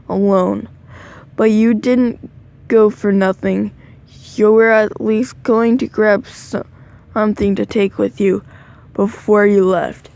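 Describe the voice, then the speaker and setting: A woman's voice: medium pitch, a little mellow. A sleepy, yawning woman reading a second-person fan story aloud into a phone, stumbling over words and stopping to comment on the text. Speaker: reader of fan fiction. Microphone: phone microphone.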